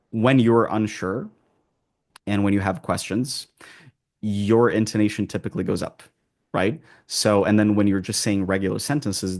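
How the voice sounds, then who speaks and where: A man working as an accent coach, answering interview questions in a calm, measured way, with pauses and frequent restarts. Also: fairly low pitch, gravelly.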